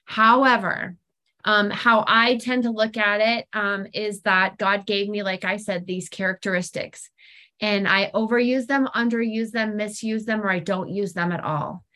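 A middle-aged woman talking candidly about her recovery practice, frank and self-deprecating, growing animated when she quotes herself. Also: medium pitch, a little slow. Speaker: speaker sharing on recovery program. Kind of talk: candid personal sharing talk.

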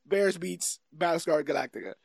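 A man co-hosting a podcast, chatting casually about a movie, animated and laughing as he acts out scenes. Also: a little high, moderate pace, creaky, breathy edge, no echo, clean studio sound. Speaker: podcast co-host. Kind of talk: casual movie review chat.

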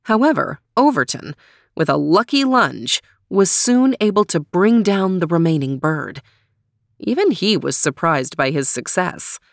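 A woman narrating a children's adventure story in a measured, expressive way. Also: fairly low pitch, gravelly, no echo, studio quality.

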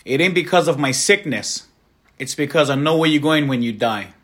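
A man's voice: a little high, animated, normal speed, fairly bright tone. A man quoting a pleading older aunt.

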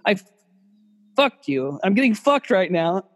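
Guy with a pretty high voice going off in fake fury, joking podcast cohost. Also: sing-song, measured pace, fairly bright tone. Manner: exaggerated mock outrage, ranting. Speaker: podcast co-host. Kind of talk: casual comedic banter. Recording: remote call audio.

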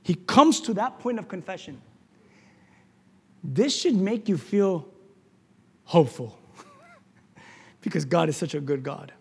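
A man preaching a sermon, shouting at times and then dropping to a hushed, low delivery. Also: animated, slow, creaky, long pauses, breathy edge. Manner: shouting, dramatic swings from loud to hushed. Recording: long reverb of a large hall.

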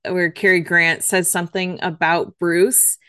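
Woman, casual film chat, lower voice, thoughtful and halting, dry sound. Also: flat delivery, fairly bright tone, clear, resonant tone, no room sound.

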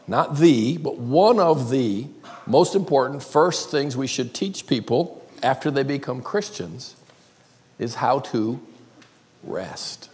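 An older man from South Carolina with a Southern accent, preaching a playful sermon and drawing words out slowly. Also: mid-range voice. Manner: playful, drawls words slowly, calls crowd y'all. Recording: long hall reverb.

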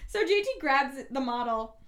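A woman with a New Jersey accent chats loosely on a podcast, her voice sitting a little high. She is animated, swears freely and laughs a lot as she recaps. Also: normal speed. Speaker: podcast co-host; teacher. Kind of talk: casual rewatch podcast chat.

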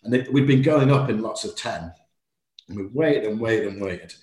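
A middle-aged man, a guest telling an animated story in a podcast interview and acting out quoted shouts. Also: on the low side, moderate pace. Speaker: racehorse owner, guest. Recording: echoey room.

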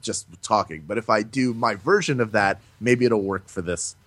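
A man being interviewed, chatting casually and telling animated stories about doing voices. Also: lowish voice, normal speed, no echo. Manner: animated storyteller, breaks into playful voices. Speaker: voice actor guest.

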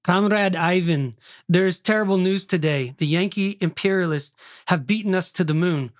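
An imploring Soviet comrade, as a man puts him on in a mock Russian accent. He pleads slowly and loudly, his voice pitched fairly high and pushed above his usual talk. It is a playful skit read aloud on a podcast. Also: natural voice. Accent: put-on Russian.

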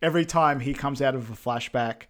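A man's voice: mid-range voice, fairly quick, fairly bright tone, slight background noise. A man co-hosting a casual movie recap podcast, talking in an easygoing, agreeable way with lots of fillers. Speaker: podcast co-host.

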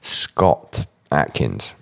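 A man's voice: extremely slow, a bit bright. A man interviewing a drummer in casual, joking chat, swearing freely. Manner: swearing, joking, laid-back.

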